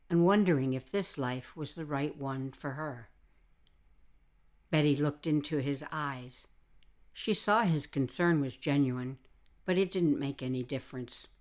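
A woman reads an audiobook narration in a low voice. Her delivery is measured and even, the plain rhythm of scripted storytelling.

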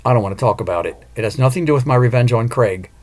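A man's voice: medium pitch, animated, rapid-fire, darkish tone, close to an everyday voice. A man voicing a vengeful female ghost who talks curtly and impatiently, in an audiobook. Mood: angry. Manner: curt, impatient, demanding. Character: angry vengeful female ghost, young woman.

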